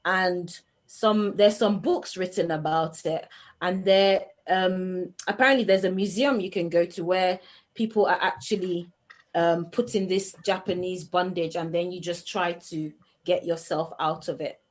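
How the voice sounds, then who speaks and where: A woman's voice: on the low side, fairly even intonation, measured pace. A woman co-hosting a podcast, blunt and giggly in casual group chat. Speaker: podcast co-host.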